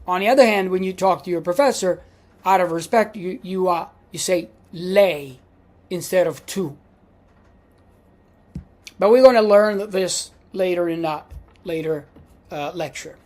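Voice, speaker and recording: Slow, patient woman teaching a language. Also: on the low side, a little mellow. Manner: patient, repeats examples slowly. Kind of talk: classroom lecture.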